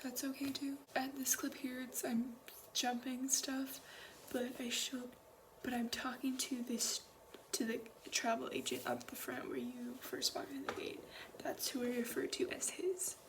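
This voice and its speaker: A woman's voice: high-pitched, little pitch movement, unhurried, in a whisper. A teenage girl vlogging a casual storytime, rambling with lots of swearing and restarts. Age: teens. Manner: rambling, swears a lot, many restarts and fillers.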